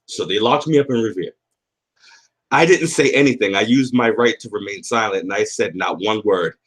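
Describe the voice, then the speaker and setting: A man's voice: fairly low pitch, normal speed, breathy edge. Brief: man hosting a loose, foul-mouthed livestream, rambling and answering chat. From Boston area. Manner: rambling, profane, reads out chat comments. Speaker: livestream host.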